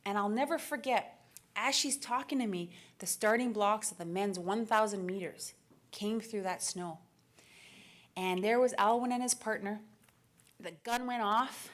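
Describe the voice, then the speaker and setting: A woman in her thirties from Canada, giving an animated, story-driven keynote speech at a conference, laughing often and acting out the dialogue. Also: mid-range voice, measured pace. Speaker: keynote speaker. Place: conference stage.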